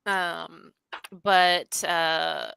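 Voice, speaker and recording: A woman's voice: lowish voice, steady tone, very slow, creaky, sharp tone, smooth, dry recording. A Canadian woman ranting in casual podcast chat, swearing freely.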